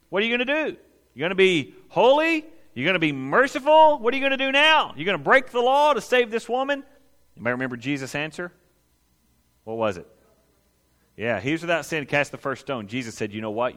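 A man's voice: mid-range voice, a bit bright. A man preaching a conversational sermon, asking his listeners questions and acting out the quotes he tells. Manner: folksy, asks the congregation questions, acts out quotes.

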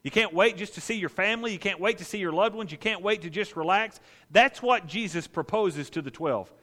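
Animated preacher with a bright voice. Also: male voice, fairly high pitch, fairly quick, hardly any pauses. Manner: animated storytelling, playful asides. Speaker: pastor. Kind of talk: sermon. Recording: echoey hall.

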